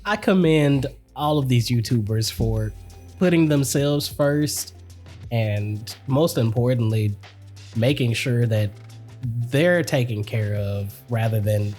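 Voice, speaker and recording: A woman co-hosting a podcast in casual chat, relaxed and opinionated, with "like" dropped in often. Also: extremely low pitch, takes it slowly, faint music behind. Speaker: podcast co-host. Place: home recording setup.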